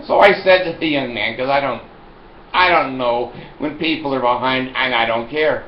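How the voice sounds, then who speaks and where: An older man telling a rambling comic story, loud and animated, often breaking into laughter. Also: medium pitch, moderate pace, echoey room, lo-fi sound, slight background noise.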